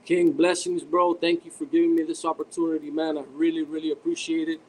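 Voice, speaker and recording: A man talking casually as a guest, his slightly high voice tripping over repeated words. A faint hum of noise sits behind him. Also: little pitch movement, a little fast, darkish tone, low-quality recording. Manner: rambling, stammering, repeats words. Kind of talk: casual chat.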